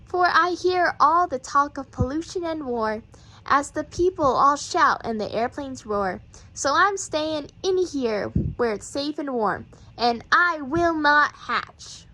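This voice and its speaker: A tiny, stubborn chick speaks from inside its egg in a high, sing-song voice, as a woman reads it aloud. It keeps up a defiant refrain in a storybook poem, a touch louder than plain reading. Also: expressive, takes it slowly, exaggerated voice, rough recording.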